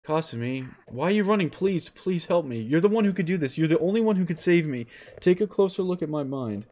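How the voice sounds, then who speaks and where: A man reading aloud as a despairing young man, a former high school student trapped in a war, in a pleading, self-pitying way. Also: lively intonation, a little fast, darkish tone, lightly acted. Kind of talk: reading a visual novel aloud.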